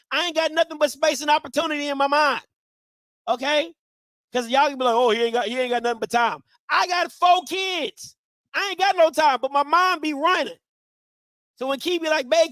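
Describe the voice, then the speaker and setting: High-voiced emphatic man, dry close sound. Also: no room sound. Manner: emphatic, repeats phrases, swings loud and soft. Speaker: live show host. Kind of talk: animated live-stream talk.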